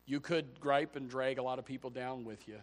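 A man preaching a sermon as a pastor, firing off rhetorical questions and swinging between hushed lines and loud, shouted peaks. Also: mid-range voice, fairly even intonation, brisk.

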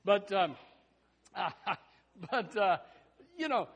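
A man preaching a sermon in a folksy, animated way, full of rhetorical questions and chuckling asides. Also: high voice, a little slow.

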